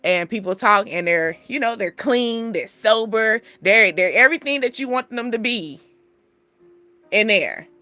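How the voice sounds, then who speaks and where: A young woman hosting a casual spiritual reading, chatty and animated, laughing often. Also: on the high side, a little slow, no echo, faint music behind. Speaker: spiritual channel host giving a reading.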